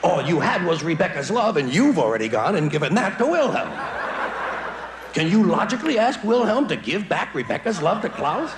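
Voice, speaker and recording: A sardonic man in his forties delivers stand-up on a theater stage, his voice pitched a little high. He is heard through a stage mic in a live recording, with clear audience noise behind him. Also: sing-song, moderate pace. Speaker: stand-up comedian. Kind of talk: stand-up comedy routine.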